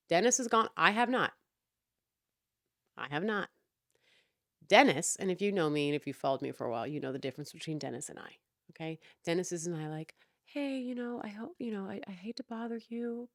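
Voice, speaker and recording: A woman's voice: lowish voice, dry recording, clean studio sound. A young adult woman hosting a podcast, telling a long story in an exasperated, sarcastic and profane way. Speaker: podcast host. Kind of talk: casual storytelling rant.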